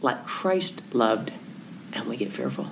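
In a very deep, creaky voice and at a measured pace, a woman tells a conversational story with a message of faith. She plays out the voices of its characters and at times drops to a whisper. The poor audio carries slight background noise.

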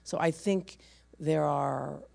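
A woman preacher telling a story to her church, animated and emphatic, acting out the voices of the people in it. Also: sits low, takes it slowly, vocal fry, husky. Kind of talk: sermon storytelling to a congregation.

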